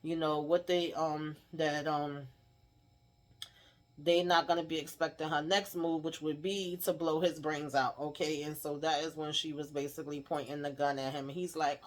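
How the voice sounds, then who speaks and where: A woman's voice: deep voice, fairly even intonation, normal speed. A chatty woman runs through a TV episode recap in loose, casual talk. She laughs often and slips into the characters' lines as she retells scenes. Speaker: TV recap host.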